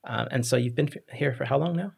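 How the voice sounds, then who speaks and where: A man hosts a relaxed conversational interview, his mid-range voice gravelly and creaky. He talks in a hesitant way, working through his questions with pauses and restarts. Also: medium pitch. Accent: non-Australian. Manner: hesitant, many fillers and restarts. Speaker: host.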